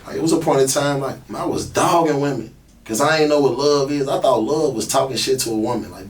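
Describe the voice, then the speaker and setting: A man's voice: medium pitch, fairly quick. Candid man telling a painful story. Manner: emotional, candid, heavy with fillers. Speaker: podcast host. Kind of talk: personal storytelling monologue. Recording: distant mic, faint ambient noise.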